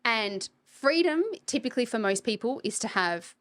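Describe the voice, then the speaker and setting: A woman's voice: fairly high pitch, lively intonation, moderate pace, a bit bright. A woman, a property coach, talking bluntly and with energy in a podcast interview, swearing casually. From Australia.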